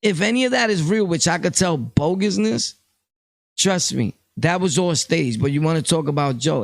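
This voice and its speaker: A man's voice: on the high side, expressive, normal speed, no echo, clean studio sound. A man from Brooklyn, talking casually to his viewers in a rambling, streetwise opinion vlog full of fillers. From Brooklyn, New York. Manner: streetwise, direct, addresses viewers. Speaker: vlogger, channel host.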